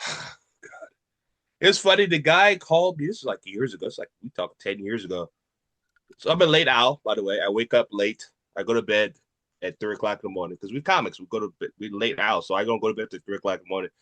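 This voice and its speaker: A man's voice: on the low side, fairly quick, no room sound. A man from Nigeria, a comedian chatting casually and acting out the people in his stories. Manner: animated, acts out quoted voices in his stories. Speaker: comedian and podcast co-host. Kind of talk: casual chat, storytelling.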